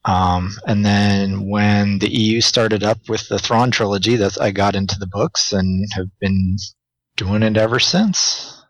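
A man talks as a podcast guest, hesitant and modest, in a lowish voice with a gravelly edge. The sound is close and dry. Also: fairly even intonation, a little slow, no room sound, low-quality recording. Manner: hesitant, modest, many ums. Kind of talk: casual podcast chat.

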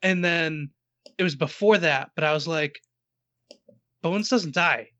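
Bright-voiced man retelling a story. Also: on the high side, measured pace, dry recording, dull audio. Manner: animated storyteller acting out quotes. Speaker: podcast co-host. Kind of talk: casual book-club chat.

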